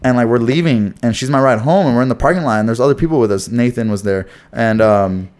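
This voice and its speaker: A young podcast co-host tells a story in casual chat, animated and freely swearing as he acts out what people said. His voice is medium-pitched and he talks fast.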